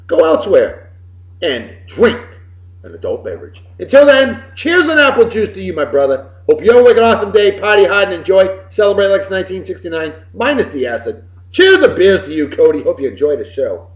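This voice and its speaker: A man, hosting casual birthday shout-outs in an exuberant voice that swings from loud bursts to mumbled asides. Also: high voice, big pitch swings, fairly quick. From Massachusetts. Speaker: podcast host. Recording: roomy, muffled lo-fi home recording.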